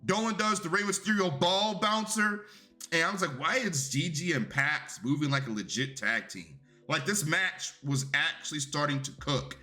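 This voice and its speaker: A man's voice: on the high side, animated, moderate pace, sharp tone, faint music behind. A young man giving a casual, rambling and profane review of a wrestling show.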